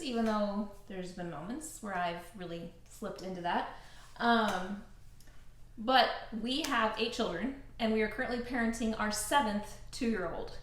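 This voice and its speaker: A middle-aged woman hosting a parenting blog, giving calm, earnest advice in a casual talk. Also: fairly high pitch. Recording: echoey room.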